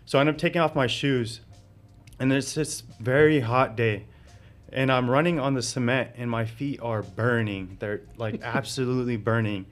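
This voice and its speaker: A man's voice: medium pitch, steady tone, normal speed. Man telling a story with frequent laughs. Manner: laughs often while telling his story, many fillers. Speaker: interview guest. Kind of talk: casual storytelling.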